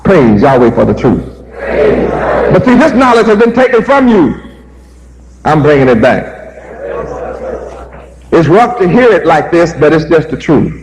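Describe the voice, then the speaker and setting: A man's voice: fairly high pitch, very animated, moderate pace, long pauses, darkish tone, poor audio. A man preaching a sermon, emphatic and repetitive, firing rhetorical questions at his listeners.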